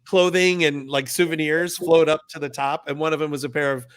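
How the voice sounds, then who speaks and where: A middle-aged man speaks with a bright, forceful tone that sits a touch high for a man. He tells his stories in a loose, casual interview style. Now and then he jumps way up in pitch to mimic squealing riders. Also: steady tone, brisk, clean tone. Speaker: guest, former ride skipper.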